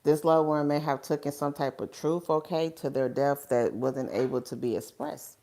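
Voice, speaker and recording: A woman's voice: low-pitched, steady tone, moderate pace, warm tone. A woman giving a live tarot reading in a casual, rambling way, often checking in with "okay?". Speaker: tarot reader.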